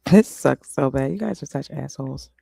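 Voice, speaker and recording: Gravelly-voiced woman ranting on a livestream. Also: extremely low pitch, lively intonation, moderate pace, warm tone, no room sound. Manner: frustrated, swears, drops to whispers. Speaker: livestream host. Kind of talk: casual livestream rant. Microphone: desk microphone.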